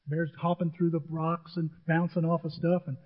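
A man telling a humorous story to an audience in an animated, chatty way, often repeating himself. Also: on the high side, normal speed. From grew up on a farm. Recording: dull, with long hall reverb.

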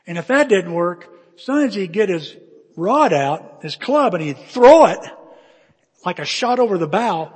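A man preaching a sermon through animated stories, acting scenes out with sudden shouts. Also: high voice, moderate pace, slightly rough. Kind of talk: storytelling sermon. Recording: long reverb of a large hall.

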